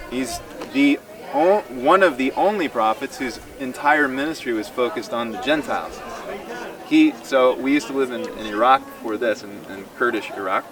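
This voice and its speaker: Emphatic man teaching outdoors, far mic. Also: medium pitch. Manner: animated and emphatic, acts out quoted dialogue. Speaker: tour speaker teaching a group. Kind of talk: outdoor Bible teaching to a tour group. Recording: distant mic outdoors with crowd noise.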